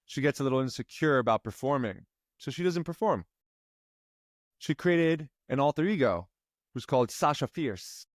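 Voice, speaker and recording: A man coaching a client, emphatic and pushing, then slowing into calm guided breathing. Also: mid-range voice, no echo, clean studio sound. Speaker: life coach. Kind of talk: coaching session.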